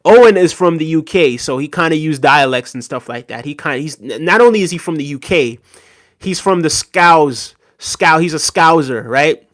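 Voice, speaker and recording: A man's voice: fairly high pitch, lively intonation, moderate pace, fairly bright tone, no echo, clean studio sound. A man hosting a live stream, reading viewers' chat messages aloud and answering them earnestly, often ending with "right?". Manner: earnest, repeats "right?", thanks chatters by name. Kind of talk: casual live chat commentary.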